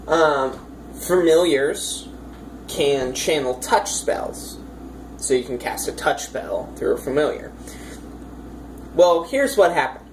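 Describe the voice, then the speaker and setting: A woman's voice: very deep voice, darkish tone, a little hiss or hum, rough recording. A woman dungeon master casually recounting her tabletop campaign in a chatty, rambling way with lots of fillers.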